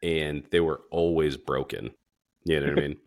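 A man in his forties, a podcast guest, telling stories in relaxed casual chat and swearing freely. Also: a bass voice, moderate pace.

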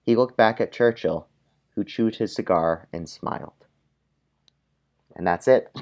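A man on a podcast reading a dark comic story in a deadpan way and chatting with chuckling asides. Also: fairly low pitch, a little slow.

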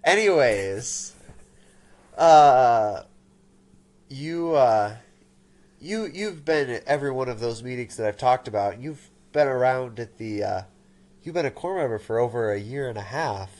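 A man's voice: medium pitch, expressive, unhurried, a little mellow. Young male podcast host, sick voice, playful ribbing. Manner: teasing, laughs often. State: sick, stuffy voice. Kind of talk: casual chat.

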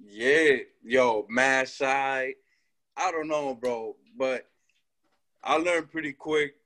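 A man's voice: medium pitch, slow pace, fairly bright tone. A man guesting on a podcast as a musician, talking in hesitant, slangy casual chat.

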